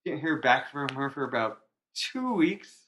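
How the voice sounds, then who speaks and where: A man's voice: mid-range voice, sing-song, a little slow, a bit bright. Young man rambling through a story. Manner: rambling, self-mocking, laughing at himself. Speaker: podcast co-host. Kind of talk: casual storytelling chat.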